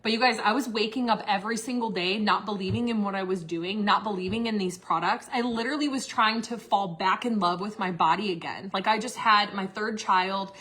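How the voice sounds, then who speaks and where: A woman's voice: medium pitch, a little fast, hardly any pauses. A woman in her thirties telling a personal story to her viewers in a candid, casual way. She swears freely, fills her talk with "like", and gets worked up as she goes. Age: 30s. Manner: candid, swearing, says "like" constantly; grows agitated and loud. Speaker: vlogger.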